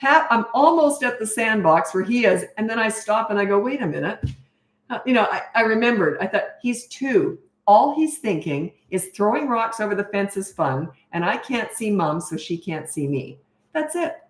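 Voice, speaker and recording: A middle-aged woman parenting coach telling a story in a casual Q&A, animated and self-mocking, acting out what people said. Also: mid-range voice, normal speed, reverberant.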